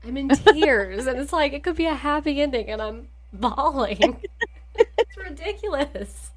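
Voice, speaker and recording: A woman co-host of a book podcast speaks in a slightly high voice. She is animated and laughs easily. She fills the gaps with quick agreeing replies. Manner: animated, laughing, warm back-channel replies. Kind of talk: casual chat.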